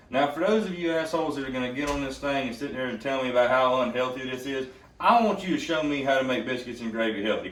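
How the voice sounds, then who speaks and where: A man's voice: fairly high pitch, recorded from a distance, a little hiss or hum. Man, brash and foul-mouthed, cooking demo, echoey kitchen, mic set back. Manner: brash, profane, joking. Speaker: cooking vlogger. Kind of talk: casual cooking demo with storytelling.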